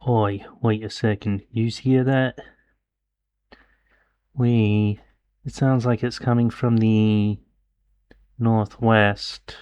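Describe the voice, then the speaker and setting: A man voicing a blunt, crude mercenary, offhand and gruff. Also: on the low side, little pitch movement, extremely slow, long pauses, a little mellow, dry recording. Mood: alert.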